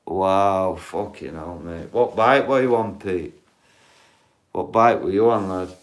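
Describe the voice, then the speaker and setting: A man rambles through stories on a casual livestream, swearing freely and calling out to viewers by name. His voice sits a little low. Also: takes it slowly.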